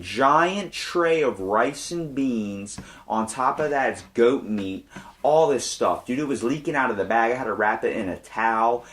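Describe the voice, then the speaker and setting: A young man hosting a podcast in casual chat, an animated storyteller who gets loud when excited. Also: medium pitch. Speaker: podcast host.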